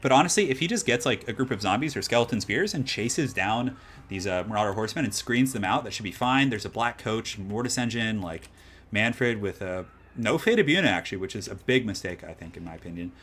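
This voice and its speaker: A man casting a strategy game match live, moving from calm analysis to loud excited hype. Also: lowish voice, brisk, husky. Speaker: streamer casting a tournament match.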